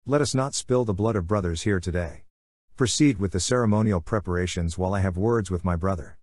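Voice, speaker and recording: A man voicing a scheming, silver-tongued male warlord in an audiobook, smooth and sarcastic with bursts of fury. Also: sits low, fairly quick, darkish tone, no echo, clean studio sound. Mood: commanding. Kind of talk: audiobook character voice.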